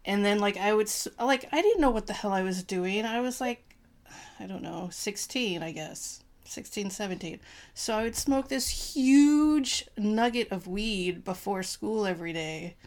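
A woman's voice: mid-range voice, animated, measured pace. A young woman co-hosting a podcast, telling stories in a loose, giggly way with lots of "like". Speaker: podcast co-host. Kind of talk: casual chat.

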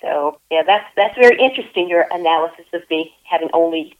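A woman's voice: on the low side, fairly quick, phone-quality sound. A woman interviewing someone over the phone, playful and teasing, laughing often.

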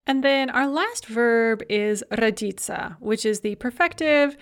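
A woman teaching a language grammar lesson, explaining verb forms in a clear, methodical way and slowing down to spell out each form. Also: a little high, expressive. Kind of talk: recorded grammar lecture.

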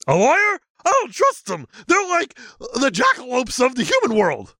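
A man voicing an excitable, gullible male Sasquatch who blurts out gasping exclamations in a comedy podcast bit. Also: very high voice, normal speed, no echo, clean studio sound, voice pushed up, heavily acted. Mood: excited.

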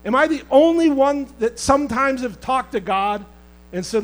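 A man preaching a sermon as pastor, swinging from loud impassioned outbursts to quiet conversational asides and teasing his congregation. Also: very high voice, lively intonation, moderate pace, rough recording.

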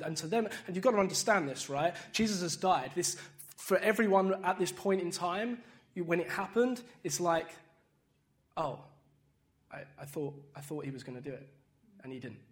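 A young man preaching an informal sermon in a conversational way, repeating words and often checking in with "right?". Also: on the high side.

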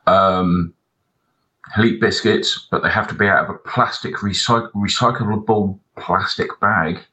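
A man's voice: on the low side, fairly even intonation, unhurried, bright, forceful tone, low-quality recording. A man co-hosting a podcast, telling long rambling anecdotes and swearing a lot. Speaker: podcast co-host. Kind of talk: casual chat.

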